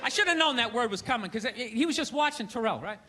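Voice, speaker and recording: A man on stage doing stand-up, his voice unusually high and hard-edged. He rants in disbelief and keeps breaking into shouted outbursts, with a handheld mic and a faint crowd behind him. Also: animated, quick pace. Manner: ranting, incredulous, bursts into shouting. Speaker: stand-up comedian. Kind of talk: stand-up routine. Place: comedy stage before a live audience.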